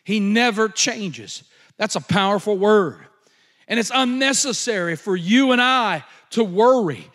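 Man, preacher, high voice, slow emphatic sermon, repeats phrases. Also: lively intonation, fairly bright tone. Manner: emphatic repetition, slow deliberate delivery with fillers.

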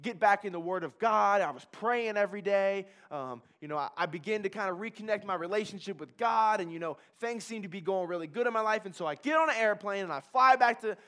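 Man, high-pitched, personal testimony talk, emphatic and repetitive, hushed passages rising to loud. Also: quick pace, hardly any pauses. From Kentucky. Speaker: speaker sharing a recovery testimony.

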